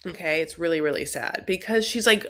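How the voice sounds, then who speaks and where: A woman's voice: lowish voice, a little fast, fairly bright tone. A woman hosting a casual chat, rambling through a recap with lots of fillers and acted-out quotes. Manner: rambling, filler-heavy, acts out quotes in funny voices. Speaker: host.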